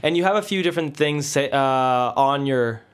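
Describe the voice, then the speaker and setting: A podcast host interviewing a guest in a relaxed, upbeat way. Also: mid-range voice, smooth. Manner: upbeat, apologetic, quick backchannels. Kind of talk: casual interview.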